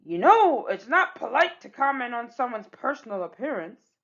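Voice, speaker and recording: Blustering storybook pirate captain, gruff slang, played by a woman reader, dull recording. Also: a little high, sing-song, moderate pace, a bit bright. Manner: gruff pirate talk with "arr" and "matey".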